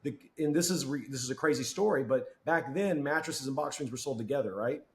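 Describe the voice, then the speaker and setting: A man telling lively sales stories in a casual podcast chat, acting out customers in quoted voices. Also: mid-range voice, fairly quick. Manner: animated, acts out customers and coworkers in quoted voices. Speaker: podcast guest, marketing executive.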